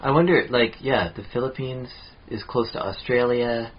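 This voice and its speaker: A man's voice: medium pitch, normal speed. A man co-hosting a podcast in casual chat, laid-back and a bit hesitant. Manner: laid-back, hesitant, many fillers and interjections. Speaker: podcast co-host. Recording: dull lo-fi podcast audio, faint hiss.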